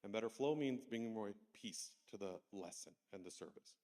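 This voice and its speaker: A man's voice: fairly low pitch, a little fast, a little mellow. A man giving a casual, anecdotal training talk to church volunteers, telling stories from his classroom. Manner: conversational, anecdotal, acts out kids' voices. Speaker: Sunday school teacher trainer. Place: church hall. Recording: long reverb of a church hall.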